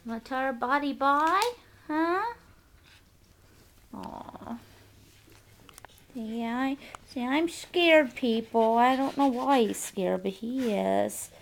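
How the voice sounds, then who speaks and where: A woman's voice: high-pitched, slow pace, gravelly, long pauses, a little hiss or hum. Woman cooing baby talk to her dogs. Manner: coos soft baby talk to pets, laughs often. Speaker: dog owner filming a birthday party. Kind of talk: home video chat, baby talk to dogs. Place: home, indoors. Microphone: handheld camcorder.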